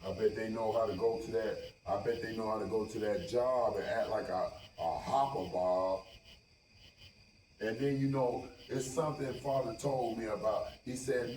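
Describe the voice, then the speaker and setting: A man's voice: fairly low pitch, fairly even intonation, moderate pace, a little mellow, slight background noise, rough recording. A man in a casual, profane monologue, rambling and preachy with heavy slang. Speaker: vlogger.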